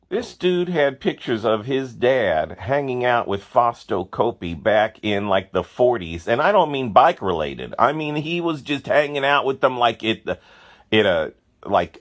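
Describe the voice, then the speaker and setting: A man, a painter, chatting casually about his artwork. He rambles through excited stories full of asides and exclamations. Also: medium pitch, a little slow. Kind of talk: casual chat.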